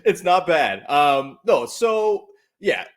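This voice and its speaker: A man joining a sports podcast as a guest analyst, chatting casually with jokes and quick asides. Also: a little high, big pitch swings.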